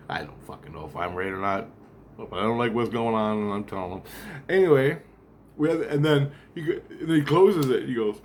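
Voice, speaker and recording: A man's voice: medium pitch, brisk, slight background noise. A man talking straight to the camera in a rambling, profane monologue that keeps doubling back and repeating itself. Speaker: vlogger.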